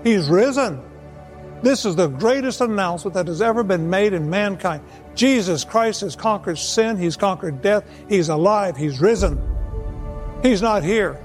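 Male preacher, high voice, earnest and measured, long reverb on the voice. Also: expressive, soft background music. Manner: earnest, measured, slows for emphasis. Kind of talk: evangelistic sermon.

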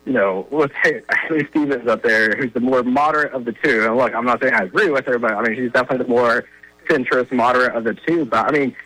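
A man's voice: mid-range voice, quick pace, sharp tone, dry recording, rough recording. A man giving conversational political commentary as a guest on a talk show line, with frequent fillers and emphatic points. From Virginia.

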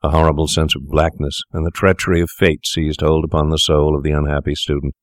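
Deep-voiced man narrating a dark tale. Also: no echo, studio quality. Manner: measured, steady storytelling. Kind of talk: audiobook narration of a classic tale.

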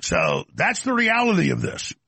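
Raspy, combative male talk host. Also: high-pitched, very animated, moderate pace, bright, forceful tone, dry recording. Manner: aggressive, ranting, mocking. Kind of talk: combative talk show monologue.

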